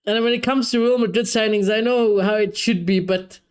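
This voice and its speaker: A young man hosting a live football watchalong, reacting excitedly, swearing heavily and shouting when his team scores. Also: sits high, normal speed, smooth. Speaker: watchalong streamer.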